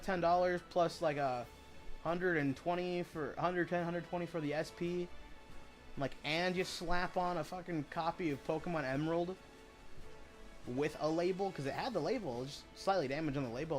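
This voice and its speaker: A man's voice: a little high, normal speed, soft background music. Rambling, profane man streaming a game. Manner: rambling, profane, retells stories with "I'm like". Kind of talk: casual chat while live-streaming a game.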